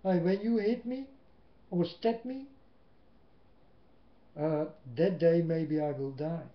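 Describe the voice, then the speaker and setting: A man whose first language is Dutch, preaching a sermon in English into a webcam at home, slow and emphatic, swinging between loud and soft. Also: on the high side. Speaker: lay preacher. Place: indoors at home. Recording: roomy, dull webcam audio.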